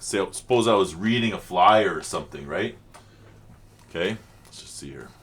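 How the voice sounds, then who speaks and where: A man's voice: sits low, a bit bright. A middle-aged man, rambling chattily as he hosts a reaction vlog. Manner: rambling, chatty, frequent fillers. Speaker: channel host reacting to music.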